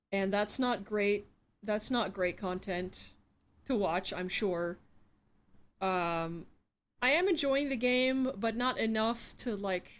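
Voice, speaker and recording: A woman streaming a game, talking casually to her chat, frustrated and swearing, rambling with restarts. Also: medium pitch.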